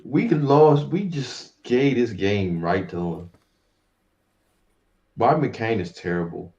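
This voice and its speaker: A man's voice: deep voice, animated, slow, gravelly, darkish tone. A man co-hosting a post-game sports talk show, grumbling and fed up with his team. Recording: dull lo-fi sound.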